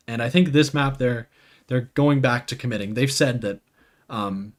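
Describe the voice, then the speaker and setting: A man on a live stream talks loosely and thinks out loud, with plenty of fillers and restarts. He keeps breaking off to answer viewers by name, and his voice sits at an ordinary middle pitch. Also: normal speed. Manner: rambling, full of "like" and restarts. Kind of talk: casual livestream commentary.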